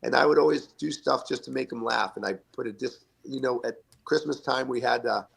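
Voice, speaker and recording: Guest: gravelly middle-aged man, lively storyteller, mid pitch, acts out quotes. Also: fairly quick. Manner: animated anecdotes with acted-out quotes. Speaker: guest, retired hockey player. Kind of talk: storytelling interview.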